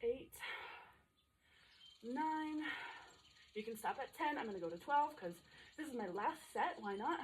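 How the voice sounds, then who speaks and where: A woman's voice: a little high, lively intonation, a little slow, long pauses, slight background noise. Breathless upbeat woman coaching a workout. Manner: chatty and upbeat, cueing moves between breaths. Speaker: fitness instructor. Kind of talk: casual workout coaching while exercising.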